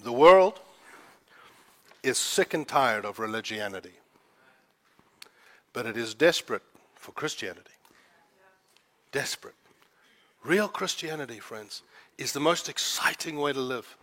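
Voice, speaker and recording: A man's voice: medium pitch, animated, measured pace, pauses often, fairly bright tone. A man from Africa, preaching a sermon in a fervent, conversational storytelling way. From South Africa. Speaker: pastor.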